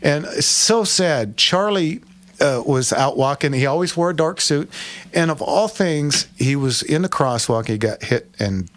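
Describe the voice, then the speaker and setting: An older man hosting a call-in radio show, telling rambling, animated stories and imitating old customers. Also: fairly high pitch, measured pace, no echo. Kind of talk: casual storytelling on call-in radio.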